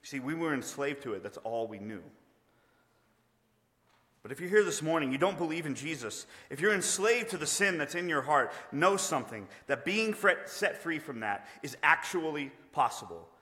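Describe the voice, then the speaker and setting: A man's voice: on the high side, lively intonation, normal speed, bright, forceful tone. A man preaching a sermon, earnest and emphatic in a conversational way. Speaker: pastor. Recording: long reverb of a large hall.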